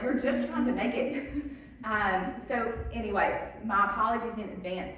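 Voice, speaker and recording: A woman's voice: on the high side, fairly bright tone, a little hiss or hum. A woman giving a candid faith talk to a live group, self-deprecating, with frequent ums and small laughs. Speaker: speaker at a church evening talk. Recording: echoey hall from a distance.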